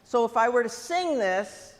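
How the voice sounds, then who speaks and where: A woman clinician coaching a student wind band in rehearsal, lively and full of questions to the players. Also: on the high side, measured pace. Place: large theatre stage. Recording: long hall reverb.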